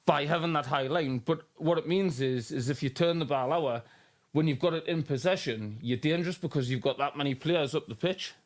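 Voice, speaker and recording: A man's voice: on the high side, a little fast. Hesitant man talking football. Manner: hesitant, many restarts and fillers. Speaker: podcast co-host. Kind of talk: casual football chat.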